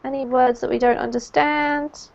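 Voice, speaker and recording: A British woman leads an online English lesson, correcting pronunciation slowly and kindly. Her voice sits a little high. The call audio sounds dull and lo-fi. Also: steady tone, a little mellow. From United Kingdom. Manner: encouraging, explains slowly and clearly. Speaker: English teacher. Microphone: video call.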